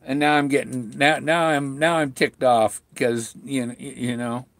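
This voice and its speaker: A middle-aged man chatting on a home livestream, halting and full of restarts, talking with a sore mouth after tooth extractions. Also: mid-range voice, steady tone, vocal fry, fairly bright tone, no echo. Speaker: vlogger talking to live viewers. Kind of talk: rambling casual livestream chat. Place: at home, indoors.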